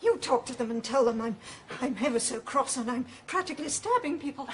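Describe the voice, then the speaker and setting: A fussy, flustered music teacher. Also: female voice, sits high, expressive, fairly quick, a little hiss or hum. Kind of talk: sitcom acting.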